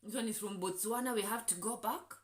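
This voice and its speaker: A young Kenyan woman with a Kenyan accent, telling a travel story in an indignant, animated way for her vlog. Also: medium pitch, fairly quick, roomy sound. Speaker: vlogger.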